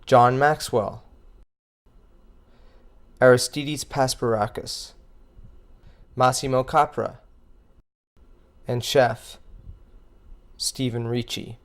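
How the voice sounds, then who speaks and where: A man narrating a documentary in a measured way, reading out names as he announces them. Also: medium pitch, steady tone. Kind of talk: scripted narration.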